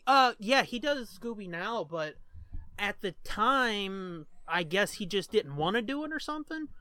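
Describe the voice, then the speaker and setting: A person co-hosting a casual movie commentary, animated and joking, swearing freely and talking fast in bursts. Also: medium pitch, no room sound, studio quality. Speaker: co-host of a movie commentary podcast.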